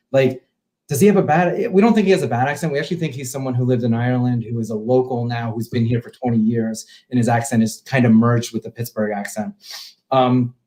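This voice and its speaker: A man, an independent filmmaker, telling stories in a relaxed, rambling way as a podcast guest. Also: mid-range voice. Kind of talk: casual interview chat.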